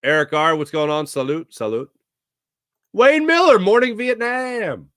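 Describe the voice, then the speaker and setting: A male sports talk host talks in a loose, rambling way and jokes as he reads out viewer comments. His voice is bright and forceful. The sound is dry and close, with no room around it. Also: a little high, normal speed, smooth, no room sound. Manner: animated, rambling, jokey. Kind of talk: casual sports talk, reading chat comments.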